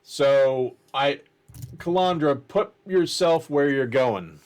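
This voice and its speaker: A man running a tabletop game as game master. His voice is fairly high for a man, and he lays out each scene slowly and deliberately. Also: a little mellow, clean tone. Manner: deliberate, descriptive.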